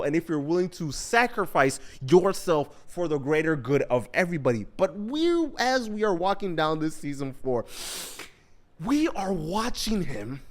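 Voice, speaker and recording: A man with a high voice hosting a casual podcast. He talks in a slangy, animated way as he breaks down a show. His tone is lively and conversational. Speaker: podcast host. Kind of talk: casual chat.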